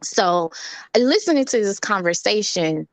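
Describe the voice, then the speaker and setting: Woman panelist from Jamaica, mid-range voice, lively storyteller who acts out quotes; dry, close recording. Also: medium pitch, measured pace, no room sound. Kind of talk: casual panel discussion.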